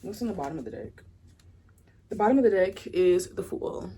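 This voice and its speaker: A woman's voice: fairly low pitch, big pitch swings, normal speed, mellow, a little hiss or hum. A young woman from the States, giving a casual pick-a-card tarot reading in a chatty, rambling way full of "like" and "you know". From Southern United States. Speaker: tarot reader.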